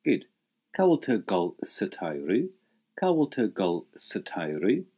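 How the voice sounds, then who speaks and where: A man's voice: sits low, wildly swooping pitch, measured pace, dark tone, husky. A man teaching an audio language lesson, encouraging the listener and prompting them to repeat phrases.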